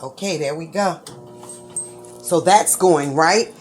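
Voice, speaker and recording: A woman's voice: low voice, faint music behind. A woman hosting her own cooking channel, chatting casually as she walks through a recipe in her home kitchen, often checking in with "right?" and "okay?" and laughing easily. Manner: talks fast at times, laughs easily.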